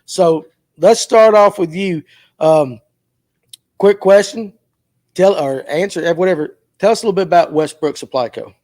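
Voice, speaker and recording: A man hosting a laid-back fishing talk show, with a voice that sits high for a man. He jokes through his introductions and fumbles with the setup. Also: moderate pace, a little mellow. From Georgia, USA. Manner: loose, joking, fumbling through technical hiccups. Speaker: podcast host. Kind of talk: casual chat.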